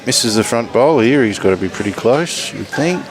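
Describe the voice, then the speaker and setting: A man's voice: on the low side, lively intonation, normal speed. A man co-commentating lawn bowls with brief, knowledgeable remarks on play. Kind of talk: live sports commentary. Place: outdoors at a bowls club.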